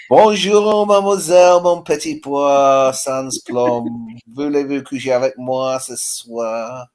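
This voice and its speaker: A hammy, flirtatious Frenchman, as a man puts him on for laughs. He stretches each word out slowly in a rising, showy tone that makes the joke plain. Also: medium pitch, darkish tone, clean tone. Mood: flirty. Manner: drawn-out, slow mock-French delivery.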